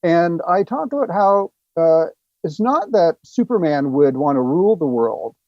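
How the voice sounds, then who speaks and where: A man's voice: on the high side, lively intonation, a little slow, no echo, muffled recording. A man, a guest author, answering interview questions earnestly with hesitant fillers.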